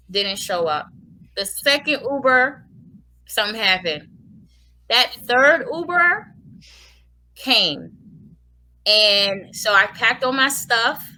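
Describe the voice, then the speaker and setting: A woman with a bright, clear voice shares her own hard experience as an interview guest. She speaks warmly and casually, with fillers and restarts throughout, and there is a faint hiss behind her. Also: medium pitch, rough recording. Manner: heartfelt, colloquial, many fillers. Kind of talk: personal testimonial storytelling.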